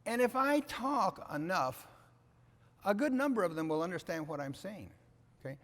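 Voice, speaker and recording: An older man giving an animated keynote speech, emphatic, often checking in with the audience. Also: high-pitched, moderate pace. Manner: emphatic, repeats "okay?" to the audience. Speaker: keynote speaker. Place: conference hall. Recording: reverberant hall sound.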